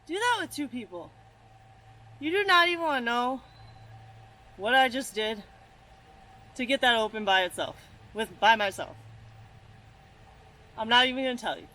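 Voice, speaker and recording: A woman's voice: fairly high pitch, animated, normal speed, pauses often, bright, forceful tone. A young woman talking casually in a solo tutorial vlog outdoors by her car, chatty and self-deprecating, a little out of breath as she works and films herself. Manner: chatty, self-deprecating, swears and laughs while working. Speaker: vlogger. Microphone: handheld camera, moving off frame.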